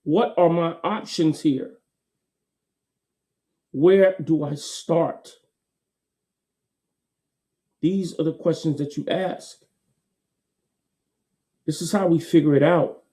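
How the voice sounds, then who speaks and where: Dark-voiced man. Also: fairly high pitch, takes it slowly, long pauses. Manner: folksy, repetitive, emphatic with laughs. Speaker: motivational talk host. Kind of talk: casual motivational monologue.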